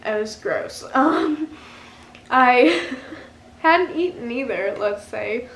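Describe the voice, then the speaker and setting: A woman's voice: high voice, expressive, very slow, fairly bright tone, echoey room. A young woman telling a story to camera in a casual vlog, laughing often as she goes. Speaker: vlogger.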